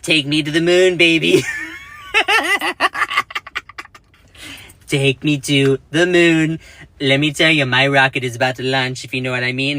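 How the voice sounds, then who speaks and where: A man's voice: medium pitch, pushed and bright. A man hosting a casual political commentary livestream, chatty and jokey, giggling at his own jokes and reading out the news. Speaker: livestream host.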